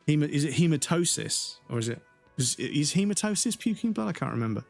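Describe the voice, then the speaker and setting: A man's voice: on the high side, very animated, brisk, vocal fry, faint music behind. A man chatting casually while streaming a game, rambling and swearing freely.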